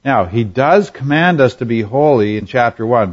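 A man teaching from a Bible passage in a measured, explanatory sermon style, often pausing and restarting as he works through the grammar. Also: mid-range voice, highs cut off.

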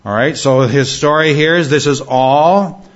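A man leading a verse-by-verse Bible study in a conversational teaching style, often pausing with fillers and checking in with "all right?". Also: on the high side. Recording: slightly dull lo-fi recording.

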